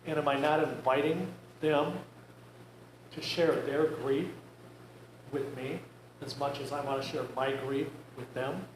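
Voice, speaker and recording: A man's voice: medium pitch, fairly even intonation, unhurried. A man giving a talk to a group, conversational and wry, with joking asides. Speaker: grief presenter. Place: church meeting room. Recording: echoey room with faint noise.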